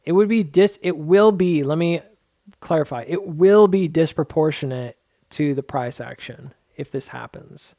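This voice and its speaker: Rambling, fairly high-voiced man explaining charts. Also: measured pace, mellow, dry recording. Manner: rambling with joking asides; filler-heavy, many "like"s. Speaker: market charting host. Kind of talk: casual chart walkthrough.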